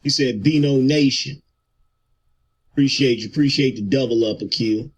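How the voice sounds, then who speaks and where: A man's voice: medium pitch, normal speed, slightly rough. A man streaming, boasting in a defiant rant, heard in a played clip.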